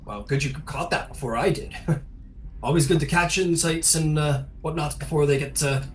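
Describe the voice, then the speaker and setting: A game master voicing a big, easygoing male goliath who explains himself in a relaxed, rambling way. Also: medium pitch, normal speed, faint music behind, lightly acted. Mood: chatty.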